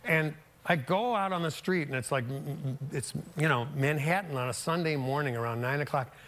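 A man's voice: fairly high pitch, brisk, a bit bright. A man telling an amused anecdote about his work in a played interview clip. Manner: amused storytelling.

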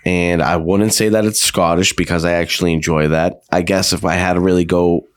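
A man's voice: deep voice, level tone, fairly quick, smooth. A man co-hosting a podcast in casual chat, rambling and hedging, with heavy swearing. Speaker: podcast co-host.

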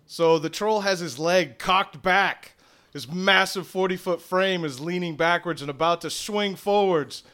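A young man narrating a tabletop game as game master, with filler pauses. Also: sits high, sharp tone.

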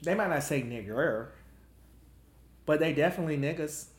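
A man chats casually as podcast host, his slightly high voice swinging widely as he gets animated. He slips into squeaky impressions mid-story. The room is echoey. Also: moderate pace. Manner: animated, jumps into high-pitched mimicry. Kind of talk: casual chat.

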